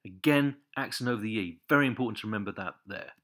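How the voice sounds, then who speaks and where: A man's voice: lowish voice, fast, a bit bright, a little hiss or hum. A man giving a patient Spanish lesson, repeating each word and pointing out the accents again and again. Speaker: Spanish teacher. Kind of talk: step-by-step language lesson.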